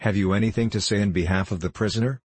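A man's voice: on the low side, steady tone, fast talker, a little mellow, breathy edge, dry recording. A man voicing a stern, impatient male frontier judge who asks curt, formal questions.

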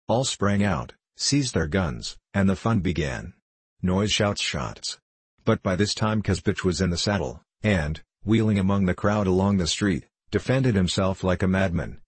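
A man narrating a classic novel as an audiobook reader, in a measured, even storytelling manner. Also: low-pitched, breathy edge, no echo.

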